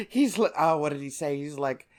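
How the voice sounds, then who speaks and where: A man talks casually as a podcast co-host in a somewhat high voice. He recaps scenes with animated energy and laughs often between lines. He swears freely as he goes. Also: moderate pace. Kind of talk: casual chat.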